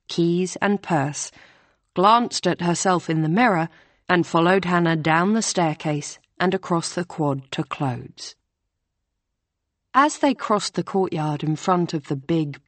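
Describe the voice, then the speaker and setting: A woman's voice: fairly low pitch, no room sound. Woman narrating an audiobook. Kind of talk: scripted narration.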